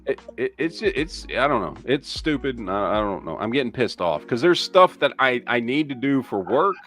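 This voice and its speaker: A man's voice: medium pitch, sing-song, moderate pace, fairly bright tone, faint music behind. A man hosting a casual live-stream podcast, ranting and swearing in an exasperated way while he reads viewer comments. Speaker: podcast host.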